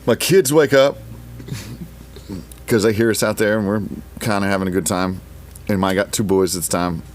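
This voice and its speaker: A man's voice: lowish voice, fairly even intonation, moderate pace. A middle-aged man from Oklahoma, a guest musician telling a long story in a casual, rambling, profane and emotional way.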